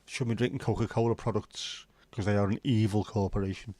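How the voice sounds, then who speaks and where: A man's voice: fairly low pitch, fairly even intonation, brisk, warm tone, no echo. A man in his fifties hosting a livestream, chatting in laid-back banter with dry jokes and the odd swear. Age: 50s. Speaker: livestream host. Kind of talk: casual chat.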